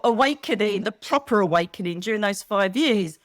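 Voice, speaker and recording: A woman's voice: medium pitch, animated, a little fast, hardly any pauses, fairly bright tone, dry recording, clean studio sound. A middle-aged woman chatting as an interview guest, telling stories animatedly and acting out quoted voices. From United Kingdom. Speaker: guest, psychic medium. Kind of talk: casual chat.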